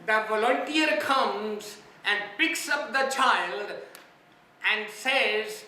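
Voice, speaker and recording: A man from India with a high, pushed, bright voice draws out his words while giving a spiritual sermon on a hymn, often questioning his listeners. The spiritual teacher is recorded in an echoey hall on a distant mic.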